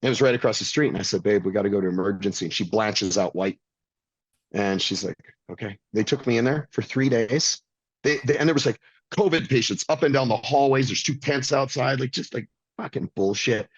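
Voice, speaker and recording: A man's voice: mid-range voice, normal speed, slightly rough, dry recording, dull audio. A middle-aged man telling a blunt, intense personal story as a podcast guest, swearing freely. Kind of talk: candid storytelling.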